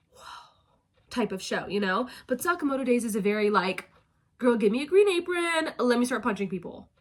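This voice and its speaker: A young woman talking casually to her camera, chatty and animated, with lots of filler words. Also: medium pitch. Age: young adult. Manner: drops to a hushed whisper. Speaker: vlogger. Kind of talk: casual vlog chat.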